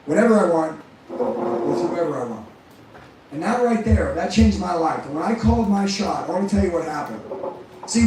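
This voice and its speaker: A motivational speaker and sales trainer delivers an intense, profane speech to a live audience, firing rhetorical questions at the crowd. His voice sits high and warm with a little hiss or hum, in a very echoey room with the mic far off.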